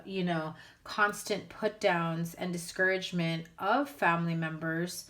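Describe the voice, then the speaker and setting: A woman giving a casual spoken tarot reading to her viewers, blunt and candid, speaking straight out. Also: on the low side. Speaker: tarot reader.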